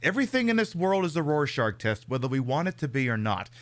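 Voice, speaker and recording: High, lively sarcastic male streamer. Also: fast. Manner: sarcastic, profane and animated. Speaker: game streamer. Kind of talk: casual live-stream chat.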